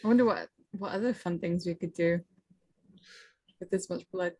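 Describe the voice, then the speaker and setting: A woman's voice: on the low side, normal speed, a little mellow, husky, no echo. A woman playing a tabletop role-play, chatting in a giggly, playful way. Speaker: player. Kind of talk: casual chat in a tabletop game.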